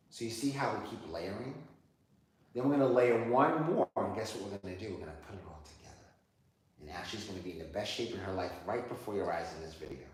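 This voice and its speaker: A man who teaches yoga, calmly cueing breath and poses as he leads a class on video. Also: on the low side, quick pace. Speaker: yoga teacher and personal trainer. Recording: roomy studio, heard from a distance.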